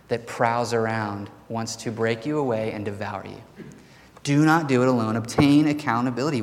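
A man preaching a sermon in a casual, conversational way, with playful asides between his points. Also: mid-range voice. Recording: long reverb of a large hall.

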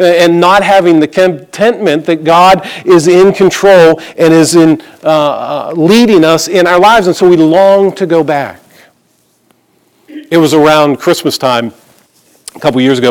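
A middle-aged pastor delivers a sermon in a relaxed, conversational way, moving from scripture reading to everyday stories with light humor. His voice sits slightly high for a man. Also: moderate pace.

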